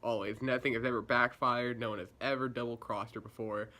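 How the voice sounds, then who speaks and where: A man's voice: medium pitch, little pitch movement, fairly quick, pushed and bright. A young man recapping and reviewing a show episode in a casual, sarcastic, chatty way, slipping into voices for quotes.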